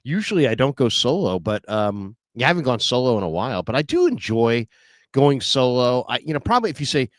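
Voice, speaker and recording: A man's voice: medium pitch, very animated, brisk, no room sound. Chatty man hosting a solo stream. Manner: rambling, chatty, with fillers and restarts. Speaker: podcast host. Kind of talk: solo casual livestream chat.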